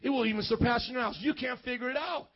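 A man preaching a charismatic sermon as pastor, fervent, swinging from shouting to quiet and calling on the congregation to respond. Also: very high-pitched, fast talker, husky, highs cut off.

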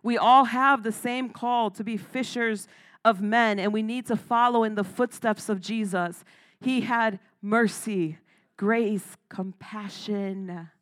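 A woman preaching a sermon speaks in a slightly high voice with a steady tone and slow pace. She's emphatic, calling out "Amen?" and "Come on" to the congregation and laughing between points.

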